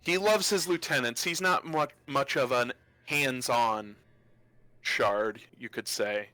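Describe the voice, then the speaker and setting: A man's voice: mid-range voice, slow, pushed and bright, no echo, poor audio. A man running a tabletop game as game master who narrates and explains the rules loosely and laughs often.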